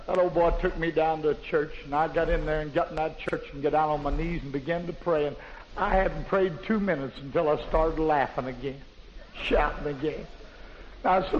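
A man preaching a fervent testimony in a plain, folksy way, building up to loud, shouted praise. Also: on the high side, steady tone, moderate pace, in a large hall. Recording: dull lo-fi recording with faint hiss.

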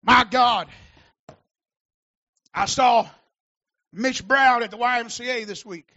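A very high, bright-toned man preaching hard, his voice gravelly and pushed. He swings between shouted runs and quieter talk to the congregation. The recording is dull and lo-fi. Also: takes it slowly. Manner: shouting, preaching with rising fervor. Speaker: pastor. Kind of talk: sermon.

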